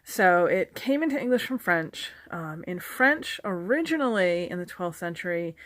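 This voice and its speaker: A woman's voice: lowish voice, no echo. A woman giving a casual spoken lesson to camera, chatty, with frequent ums, self-corrections and dry humor, recorded in a small indoor room on a camera mic. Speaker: video lecturer on folklore. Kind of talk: casual explanatory talk to camera.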